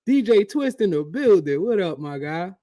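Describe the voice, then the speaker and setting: Casual streamer, a man with a higher voice, loose and slangy, dry close sound. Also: sing-song, moderate pace, warm tone, dry recording. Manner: slangy, talks straight to chat. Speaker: channel host. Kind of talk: casual live reaction stream.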